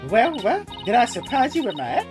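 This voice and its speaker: A man's voice: very high-pitched, huge pitch swings, brisk, pitched above the performer's own voice, exaggerated voice. A man voicing a playful young woman spirit medium from a game, in a teasing, upbeat way. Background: game music.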